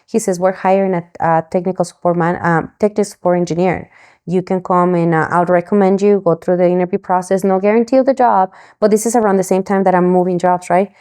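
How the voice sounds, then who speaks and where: A woman's voice: lowish voice, fast talker, clean tone. A middle-aged woman from Mexico, a podcast guest telling a story and acting out the lines of others. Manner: animated, acts out quoted dialogue. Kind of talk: storytelling interview.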